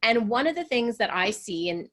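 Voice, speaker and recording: A woman's voice: a little high, sing-song, normal speed, fairly bright tone. Earnest encouraging woman relationship coach. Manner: earnest, encouraging, acts out quoted voices. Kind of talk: coaching session talk.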